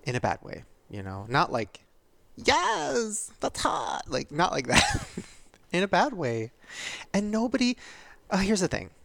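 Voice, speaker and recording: A man in his thirties talks openly on his podcast, tearful at moments and laughing through the hard parts. His pitch swings widely with a gravelly fry, and the recording is dry and close. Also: huge pitch swings, normal speed, dry recording. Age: 30s. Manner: candid and vulnerable, laughing through tears. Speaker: podcast host. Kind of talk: confessional podcast monologue.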